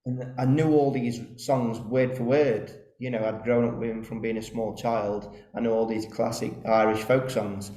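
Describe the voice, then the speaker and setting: A man's voice: mid-range voice, steady tone, moderate pace, few pauses, warm tone. A man, a band's lead singer telling rambling anecdotes in a casual interview from a rehearsal room. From East Midlands, England. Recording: roomy rehearsal room echo.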